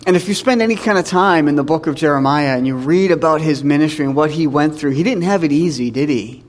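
A man's voice: fairly high pitch, fast, long reverb tail. A man preaching a sermon in a conversational way, dropping in tag questions and acting out the scripture dialogue.

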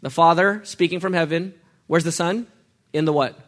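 A man preaching with real energy, his voice a bit higher than most men's. He keeps tossing questions out to the congregation and answering them himself in a lively sermon style. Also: moderate pace. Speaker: pastor.

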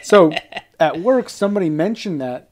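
A man's voice: sits high, expressive, moderate pace, a little mellow, a little hiss or hum. A man co-hosting a casual chat, rambling and swearing as he tells stories and mimics people mockingly. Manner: rambling, profane, storytelling with mocking quoted voices. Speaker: podcast co-host.

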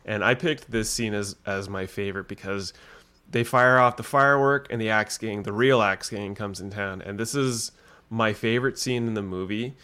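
Man, low voice, casual podcast chat, rambling film retelling, lots of fillers, acts out lines. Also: moderate pace, sharp tone, smooth. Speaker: podcast co-host reviewing films.

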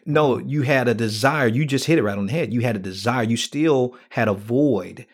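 Male podcast host, mid-pitched and breathy, asks probing, empathetic questions with playful sarcasm. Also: normal speed. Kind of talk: conversational interview.

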